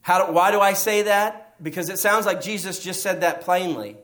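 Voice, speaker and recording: A man's voice: sits high, moderate pace, a bit bright. Man preaching with emphatic questions. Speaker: pastor. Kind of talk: sermon.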